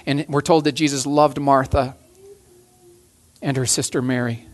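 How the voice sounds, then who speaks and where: A man's voice: mid-range voice, steady tone, measured pace. A man preaching a sermon as a pastor, earnest, often restarting and repeating phrases.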